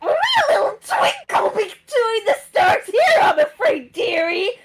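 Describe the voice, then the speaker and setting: A shrill screeching old security guard. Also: female voice, very animated, shouting, slight background noise, exaggerated voice. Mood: ranting. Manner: rapid-fire scolding rants. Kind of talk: voice-acting a game script on a livestream.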